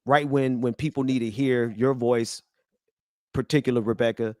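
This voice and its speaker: A man's voice: medium pitch, fairly even intonation, moderate pace, darkish tone, dry recording, clean studio sound. A man hosting a casual political chat, laughing often, then earnest and rallying. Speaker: host.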